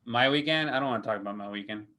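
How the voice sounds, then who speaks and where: A man hosting a casual film review chat, swearing a lot and ranting with mocking, animated energy. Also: mid-range voice. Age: adult with a young daughter. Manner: profane, animated, mocking, quick reversals. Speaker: podcast host.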